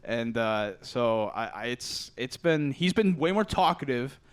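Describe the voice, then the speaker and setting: A man's voice: medium pitch, unhurried, clean tone, no echo. A young man co-hosting a podcast, telling a story in casual chat and acting out the people in it, laughing often. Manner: animated storyteller, acts out quoted voices, laughs often. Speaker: podcast co-host.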